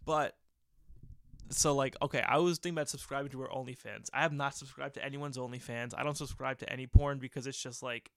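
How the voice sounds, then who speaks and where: A man's voice: mid-range voice, steady tone, brisk, a bit bright. A young man hosting a casual solo podcast from his old bedroom, rambling and joking crudely and laughing at his own stories. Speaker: podcast host.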